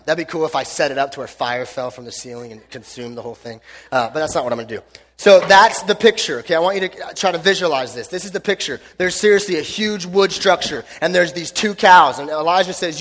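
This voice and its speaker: A man preaching a sermon and telling the story in an animated, joking way. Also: mid-range voice, long reverb tail. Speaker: pastor.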